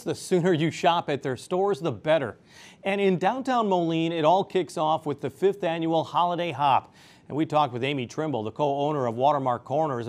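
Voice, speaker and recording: Upbeat male TV host. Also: on the high side. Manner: upbeat, conversational interviewer. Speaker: TV show host. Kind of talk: broadcast interview.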